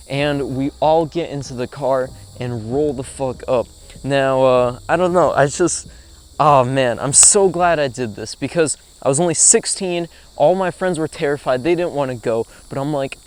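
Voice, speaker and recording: Young male vlogger, mid pitch, chatty and profane, outdoor camera-mic sound with light music behind. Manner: profane, animated storyteller with frequent fillers. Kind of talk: casual storytelling. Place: outdoors in a rural spot with insects.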